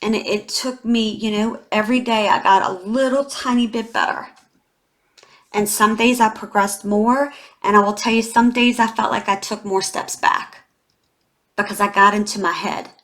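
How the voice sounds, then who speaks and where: A woman's voice: medium pitch, fairly even intonation, normal speed, fairly bright tone. Woman, forties, tarot reader; candid and emotional, talks straight to her viewers with many fillers. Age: 40s. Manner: heartfelt, confiding, with many fillers. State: emotional, near tears. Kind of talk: emotional tarot reading vlog.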